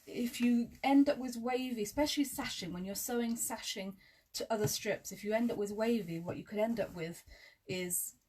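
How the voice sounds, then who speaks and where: A woman's voice: a little high, normal speed, a little mellow, breathy edge. A woman teaching quilting in a chatty live tutorial. She talks through measurements step by step and drifts into friendly asides.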